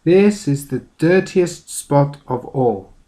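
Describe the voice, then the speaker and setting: A man's voice: a little high, expressive, slow pace, mellow. A man reading a storybook aloud, voicing a fussy, house-proud farmer's wife. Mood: shocked.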